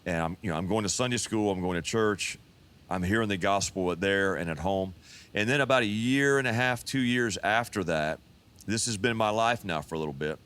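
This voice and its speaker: Deep-voiced man in his fifties, folksy storyteller. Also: a little fast, a bit bright. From Texas. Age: 50s. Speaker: pastor. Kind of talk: storytelling a personal testimony.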